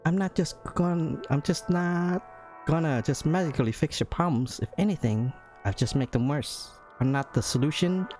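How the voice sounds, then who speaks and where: A man's voice: a little high, moderate pace, a little mellow, voice pushed up, close to an everyday voice. A man reading the lines of a cruel, contemptuous young woman on a blind date in a raised, cutting voice, with faint music behind. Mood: cold. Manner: cutting and scornful.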